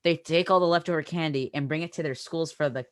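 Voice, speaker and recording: A man's voice: on the high side, fairly even intonation, quick pace, fairly bright tone, clear, resonant tone, dry recording, studio quality. A teenage boy hosting a casual podcast chat, steering topics with many fillers. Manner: leads the talk, many fillers. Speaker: podcast host.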